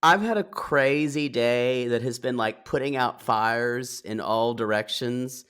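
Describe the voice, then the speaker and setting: A man's voice: medium pitch, measured pace, a bit bright, smooth. A man co-hosting a reality TV podcast, chatty and dramatic, drinking while he talks. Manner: chatty, dramatic, tipsy banter. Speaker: podcast co-host. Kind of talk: casual chat.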